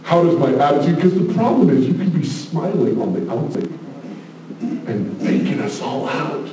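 A man preaching a sermon, passionate, moving between hushed asides and loud exclamations. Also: on the high side, very animated, moderate pace, slight background noise. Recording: very echoey room, mic at a distance.

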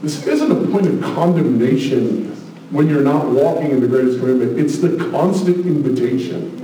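A man preaching a sermon, passionate, moving between hushed asides and loud exclamations. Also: medium pitch, expressive, moderate pace, slight background noise. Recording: very echoey room, mic at a distance.

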